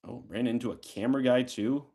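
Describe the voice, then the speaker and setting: A man hosting a live football watch-along, calling plays and reacting, with excited jumps between loud calls and quiet asides. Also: mid-range voice, fairly quick, gravelly. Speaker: sports talk host.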